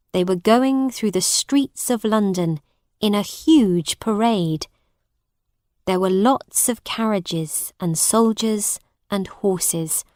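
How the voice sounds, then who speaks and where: A woman narrating an audiobook for English learners, reading slowly and clearly with deliberate, expressive delivery. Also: mid-range voice, no echo, clean studio sound.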